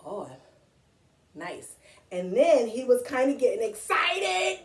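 A woman's voice: a little high, extremely slow, long pauses. A woman reading a picture book aloud to children, asking them questions and coaxing them along. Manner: animated, questions to young listeners. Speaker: storytime reader. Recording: echoey room, distant mic.

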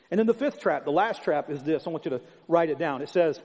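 Pastor, male, higher-pitched, punchy repetitive sermon delivery in a reverberant church hall. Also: expressive, quick pace, hardly any pauses, a little mellow. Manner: emphatic, conversational preaching with repetition. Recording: long hall reverb, dull sound.

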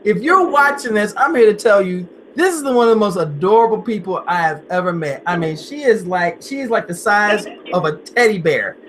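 A man hosting a casual live chat, animated and playful, telling stories and slipping into silly voices. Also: high voice, a little fast, hardly any pauses, slight background noise, rough recording. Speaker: host.

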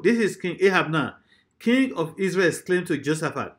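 Emphatic preacher, higher voice. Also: male voice, lively intonation, brisk, a bit bright. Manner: emphatic and repetitive, with rhetorical questions. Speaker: pastor. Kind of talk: sermon.

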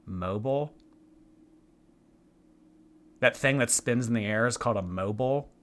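A man's voice: mid-range voice, fast talker, fairly bright tone. A man hosting a reaction commentary, talking in a dry, mocking, teasing way. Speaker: commentary host.

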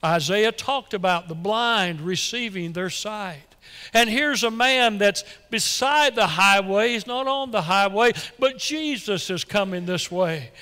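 Excitable high-voiced preacher in reverberant church. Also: male voice, unhurried, smooth. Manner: excitable, folksy, stumbles and repeats when worked up. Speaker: pastor. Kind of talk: sermon. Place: church sanctuary.

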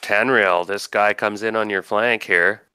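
A man's voice: fairly low pitch, steady tone, a little slow, bright, forceful tone, clear, resonant tone. A man running a tabletop game as game master, casually narrating combat and thinking aloud over dice rolls.

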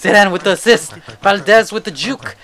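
A young man casually commentating his own football video game match, excitable and quick to swear and yell at the game. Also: high voice.

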